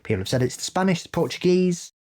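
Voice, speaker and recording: A man co-hosting a podcast, chatting casually in a blunt, sweary, opinionated way that builds into animated rants. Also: high voice, fast. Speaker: podcast co-host. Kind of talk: casual chat.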